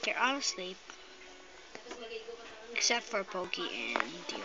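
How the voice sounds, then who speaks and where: On a phone camera at home, a woman films her cat and kittens, cooing to them in playful baby talk. Her lowish voice is sing-song and slow, and the dull lo-fi phone recording has a noisy background.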